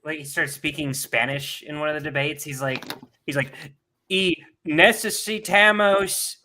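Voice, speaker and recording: A man co-hosting a casual podcast chat, telling animated, profane stories and acting out quotes. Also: fairly high pitch, fairly quick, a little hiss or hum. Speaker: podcast co-host.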